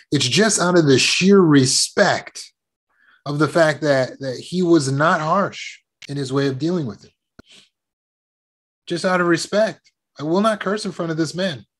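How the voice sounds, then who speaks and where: A man with a slightly high voice, working as a trauma recovery coach, tells a personal story from his childhood and offers self-help advice. He often repeats words and laughs as he talks.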